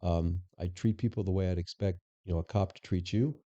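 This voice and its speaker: Low dark-voiced man telling stories. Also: fairly even intonation, brisk. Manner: candid, anecdotal, frequent restarts. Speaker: former police superintendent, guest. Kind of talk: conversational interview storytelling. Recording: dull lo-fi podcast audio.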